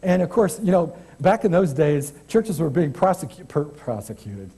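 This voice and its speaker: A man's voice: high voice, expressive, normal speed, warm tone, breathy edge. A man preaching an informal, chatty church sermon as a guest preacher, self-deprecating and often restarting his sentences. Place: church sanctuary.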